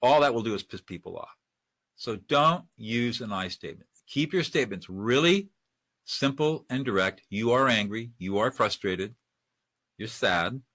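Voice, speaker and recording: A man's voice: mid-range voice, fairly bright tone, no room sound. A man giving a webinar lecture on de-escalation, speaking conversationally and acting out example lines. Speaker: de-escalation trainer.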